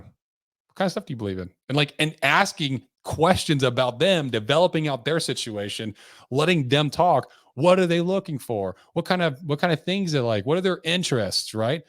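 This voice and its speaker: A man's voice: on the high side, lively intonation, normal speed, no echo. Podcast host man, dry close sound. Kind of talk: casual podcast chat.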